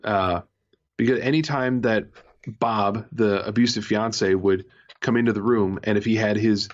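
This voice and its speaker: A podcast co-host chats casually about a TV episode, rambling with plenty of fillers and restarts. He has a lowish, steady voice and talks a little slowly, in muffled lo-fi audio with a bit of hiss or hum.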